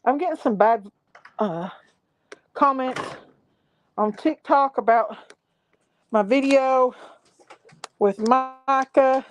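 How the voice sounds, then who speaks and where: A woman's voice: high voice, slow pace, long pauses, slight background noise. A woman chatting casually to viewers on a livestream from her farm home, rambling and addressing them as y'all. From Tennessee. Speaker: livestream host. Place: farm, outdoors then indoors at home. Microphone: phone or laptop.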